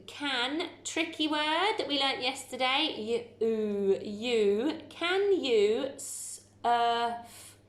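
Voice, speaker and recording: A woman, a little high in pitch, teaching phonics at an unhurried pace. She sounds out each word carefully and praises her young learners. The room around her is echoey. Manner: slow, clear sounding-out of words, encouraging. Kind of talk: recorded home-learning phonics lesson.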